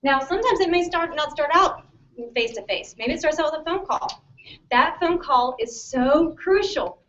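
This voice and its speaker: Heard through a distant, muffled microphone, this chiropractor speaks to students in a practice-building seminar, keeping it conversational and often asking "okay?" to check in. Her high-pitched voice is expressive and a bit bright, moving at a normal speed.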